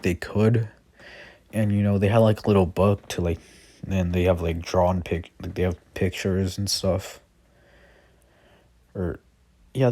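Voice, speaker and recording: A man's voice: deep voice, mellow, dry recording. A man improvising a fan story, rambling with constant fillers and restarts.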